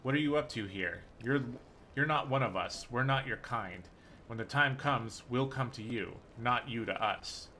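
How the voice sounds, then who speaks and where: A man's voice: medium pitch, moderate pace, bright, forceful tone, a little hiss or hum, lightly acted. A man reading the lines of a wary, aged, rat-faced mongrel chief in a game, in short clipped sentences, without much of a put-on voice.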